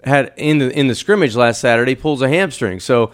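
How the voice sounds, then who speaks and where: A man breaks down the game as a radio football analyst, his voice smooth and resonant. He often restarts his sentences, repeating words as he works out his point. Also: medium pitch. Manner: halting, repeats words when starting thoughts. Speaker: color analyst.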